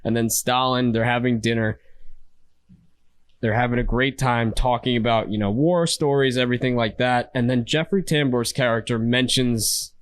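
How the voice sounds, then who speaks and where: A man's voice: medium pitch, moderate pace, smooth, no echo. A man co-hosting a podcast, chatting casually about films and acting out lines from scenes. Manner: animated, quotes scenes in playful voices. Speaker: podcast co-host. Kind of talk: casual film discussion.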